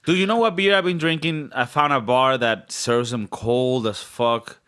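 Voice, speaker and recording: A man's voice: mid-range voice, normal speed, a bit bright, clear, resonant tone. Young male podcast co-host, rambling joker, casual and profane. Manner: rambling, joking, swears a lot. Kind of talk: casual banter.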